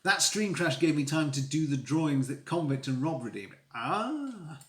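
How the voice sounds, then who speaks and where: A man chats on a home live stream, rambling and cheerfully poking fun at himself. His pitch bounces around a lot. The room sounds echoey, with faint background hiss. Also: sing-song, normal speed, a bit bright. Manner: rambling, self-mocking, chatty with viewers. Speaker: streamer building Lego. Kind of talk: casual live-stream chat.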